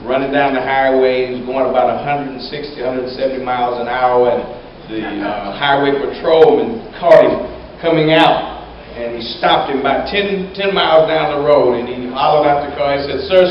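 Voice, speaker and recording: A man's voice: mid-range voice, steady tone, normal speed, lo-fi sound. A man giving a candid, good-humored fundraising speech in a church hall, telling a joke to his audience. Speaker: guest speaker for a Christian college. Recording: echoey hall, far from mic, noisy.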